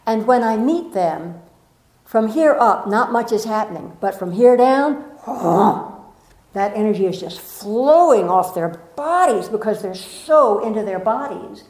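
A woman's voice: medium pitch, roomy sound, rough recording. A woman giving an inspirational talk to an audience, telling a story with acted-out quotes and frequent laughter. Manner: expressive storyteller, acts out quotes, laughs often. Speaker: spiritual speaker.

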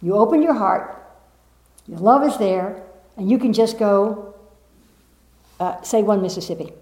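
A woman's voice: mid-range voice, animated, unhurried, a little mellow. A woman spiritual teacher giving a talk to a live audience, emphatic and repetitive, with playful asides. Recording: roomy echo of a meeting room.

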